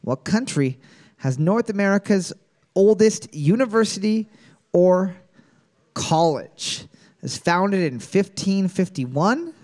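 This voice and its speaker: A man's voice: sits high, expressive, takes it slowly, a little mellow. A man hosting a comedic trivia podcast, reading each question twice and joking between them. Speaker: trivia host.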